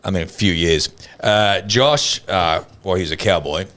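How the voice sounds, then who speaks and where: A man with an Australian accent hosting a podcast, telling anecdotes in a casual, animated way and laughing often. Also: low voice, unhurried. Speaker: podcast host.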